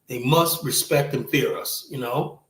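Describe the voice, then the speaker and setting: A man's voice: medium pitch, unhurried, fairly bright tone. Man, blunt, profane, rambling, stream host, roomy echo. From United States. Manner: blunt, profane, rambling with constant "you know". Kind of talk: casual stream talk. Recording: roomy echoey sound.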